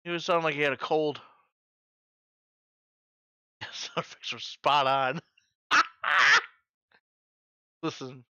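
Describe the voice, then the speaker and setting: A man's voice: medium pitch, pushed and bright, clean tone, no room sound, highs cut off. A man in his forties hosting a trivia night in casual chat, joking, swearing freely and making sound-effect noises. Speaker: trivia host.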